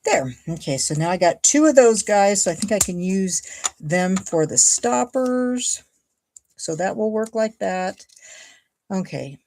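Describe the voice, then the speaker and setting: A woman's voice: medium pitch, lively intonation, a little slow, dark tone, slight background noise. A woman from Ohio chatting casually and thinking aloud as she makes a paper card. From Ohio, USA. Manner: chatty, thinks aloud while cutting and gluing. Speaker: card-making crafter, host. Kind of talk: casual crafting livestream chat.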